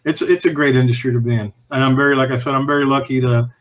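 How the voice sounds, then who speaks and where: A man's voice: mid-range voice, steady tone, fast, fairly bright tone, dull audio. A man guesting on a podcast, telling cigar-industry stories in a candid, profane, rambling way that often restarts and trails off. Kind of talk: casual anecdotal storytelling.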